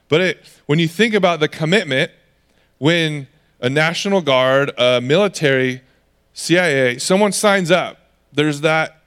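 Guy preaching a casual sermon, kinda high voice, super animated, does little voices. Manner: animated, acts out quoted voices. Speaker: pastor. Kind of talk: conversational sermon.

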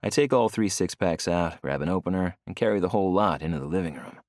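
A young man narrating a first-person novel, wry and expressive, on a close studio mic. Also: deep voice, quick pace, no echo. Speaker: audiobook narrator.

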